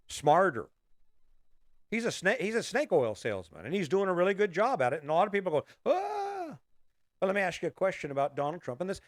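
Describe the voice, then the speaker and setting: A man's voice: mid-range voice, a bit bright, dry recording, clean studio sound. A middle-aged man, hosting a casual motivational monologue in a blunt, fired-up way and swearing freely. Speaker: podcast host.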